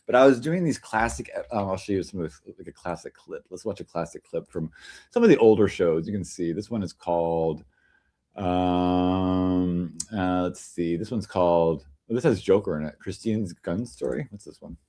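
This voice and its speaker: A man with a low, mellow voice hosts a casual livestream from home at a moderate pace. His chat rambles and meanders, full of fillers and restarts.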